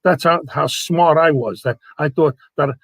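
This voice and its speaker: An older man spins brash, salty show-business stories like a comic raconteur. His voice sits a bit high for a man and sounds dry and close, as if on a video call. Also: measured pace, no echo, rough recording. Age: 80s. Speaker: guest, actor and nightclub entertainer. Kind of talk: anecdotal storytelling.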